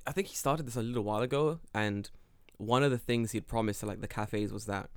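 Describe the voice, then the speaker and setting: A young British man co-hosting a casual podcast, telling stories with lots of swearing and quick impressions of people. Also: on the low side, clean tone, no room sound, studio quality. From United Kingdom. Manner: animated storyteller, mimics people, swears freely. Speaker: podcast co-host. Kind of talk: casual chat.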